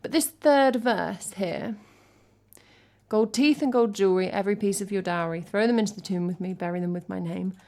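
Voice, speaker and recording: A woman's voice: mid-range voice, moderate pace, darkish tone. Chatty English woman, self-deprecating. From England. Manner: chatty, self-deprecating, reading out chat and thanking viewers. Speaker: music streamer. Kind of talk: casual chat between songs.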